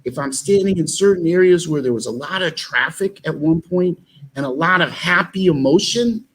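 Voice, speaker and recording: A man's voice: a little high, lively intonation, moderate pace, fairly bright tone, slightly rough, low-quality recording. A man telling stories in an interview, rambling with fillers and restarts. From United States. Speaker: actor and musician guest. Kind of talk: animated storytelling in an interview.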